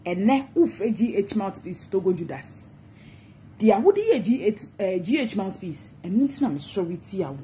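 Ghanaian woman, social media commentator, scornful gossip rant, mid-pitched voice, repeats her insults. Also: mellow, a little hiss or hum. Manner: mocking, insulting, repetitive taunts.

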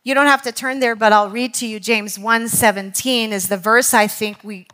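A woman's voice: fairly high pitch, fairly even intonation, pushed and bright. Earnest woman giving a church talk. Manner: earnest, reads quotes slowly, with self-corrections. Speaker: Bible study teacher. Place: church hall.

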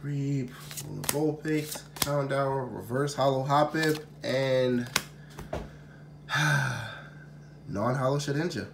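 A man's voice: mid-range voice, fairly even intonation, extremely slow, vocal fry, long pauses. A man hosting a casual, unscripted video, talking straight to the camera, often sighing and repeating himself in exasperation. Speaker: card-opening video host. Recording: crinkling packaging noise throughout.

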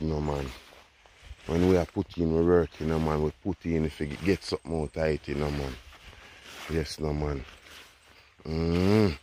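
A man with a Jamaican accent, a farmer talking casually while he walks through his farm, often saying "you know, people.". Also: sits low. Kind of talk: casual walk-and-talk farm vlog. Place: outdoors on a farm.

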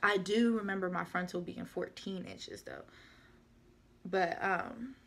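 A woman's voice: fairly low pitch, a little slow, vocal fry, a bit bright. A young woman vlogger chatting casually and rambling through a product update, often correcting herself. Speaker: beauty vlogger. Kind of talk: casual product review chat.

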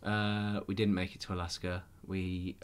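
A man's voice: low-pitched, flat delivery, normal speed, clear, resonant tone. A young man chatting as a podcast guest, easygoing and joking. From Britain. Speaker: podcast guest, round-the-world scooter traveller. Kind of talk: casual interview chat.

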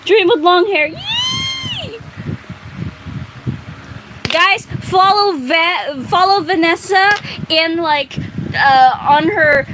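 Young woman streamer, giggly rambler, noisy background. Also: sits high. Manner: giggly, rambling, swears a lot. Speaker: streamer chatting with friends. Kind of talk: casual chat.

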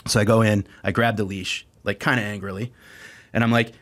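A man's voice: lowish voice, brisk. A man telling a comic story in casual chat, acting out the other people in it and laughing as he goes. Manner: animated storyteller acting out quoted voices, laughs often. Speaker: comedian guest.

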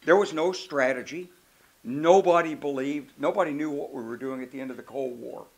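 An older man, a retired general, telling anecdotes in an animated, emphatic way during a moderated conference interview. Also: a little high, a little fast. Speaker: retired general, keynote speaker. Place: conference stage.

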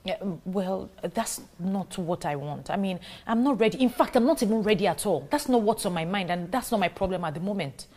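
A woman's voice: mid-range voice, animated, a little fast, hardly any pauses, darkish tone, recorded from a distance, close to an everyday voice. A young woman playing a determined schoolteacher who speaks firmly and confronts people head on. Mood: insistent. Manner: firm, confrontational. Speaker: teacher. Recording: noisy background.

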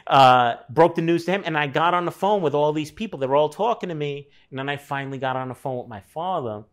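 30s guy rambling thru a story, lots of like and cussing, kinda high voice. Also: quick pace. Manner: loose, rambling, many fillers and swearing. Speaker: artist guest. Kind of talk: casual storytelling conversation.

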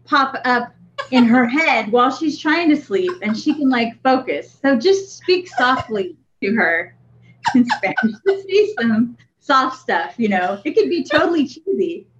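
Woman co-host, casual chatter, somewhat high voice, muffled stream sound. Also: big pitch swings, measured pace, a bit bright. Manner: chatty, laughs often, reads chat aloud. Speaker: co-host of a vaping livestream. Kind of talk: casual chat. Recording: dull lo-fi stream audio.

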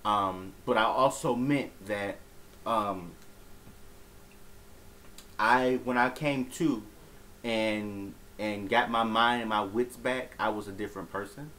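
A man with a fairly low voice tells a story in a loose, rambling way, full of fillers, restarts and swearing. The recording carries a faint hiss of background noise. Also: slow, long pauses, fairly bright tone, low-quality recording. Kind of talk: casual storytelling vlog.

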